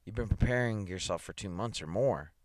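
A man's voice: lowish voice, brisk, dry recording, studio quality, natural voice. A man reading aloud and voicing a nervous, blustering male newspaper columnist who talks in slang. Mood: defensive.

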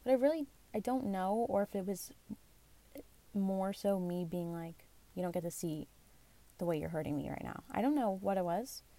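Young woman vlogger, casual confessional storytelling, candid and rambling, gravelly and mellow tone. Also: mid-range voice, normal speed. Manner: candid, rambling, self-deprecating, lots of fillers. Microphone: phone or basic mic.

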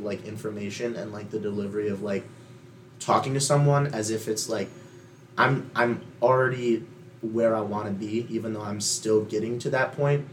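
A young man co-hosting a podcast, rambling and animated, packed with fillers and swearing. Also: fairly low pitch, a little hiss or hum. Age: young adult. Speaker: podcast co-host. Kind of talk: casual chat.

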